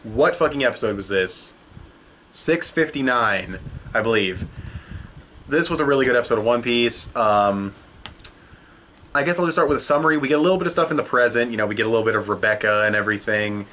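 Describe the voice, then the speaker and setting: A young man hosts a casual video review in a bright, forceful voice. He rambles with plenty of fillers and swearing. He speaks at an everyday pitch. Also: animated, fairly quick, a little hiss or hum. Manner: rambling and profane, with many fillers. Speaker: anime episode reviewer.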